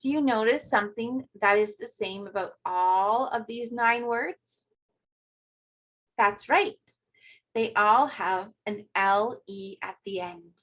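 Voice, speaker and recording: A woman teacher giving a remote phonics lesson to second graders, speaking clearly and encouragingly to young children. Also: medium pitch, slow, fairly bright tone, rough recording.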